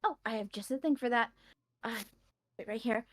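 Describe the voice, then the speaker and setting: A woman's voice: a little high, moderate pace, close to an everyday voice. A woman voicing a kind, flustered young female lava genasi in a tabletop game, stammering as she talks. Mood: cheerful. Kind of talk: tabletop role-play.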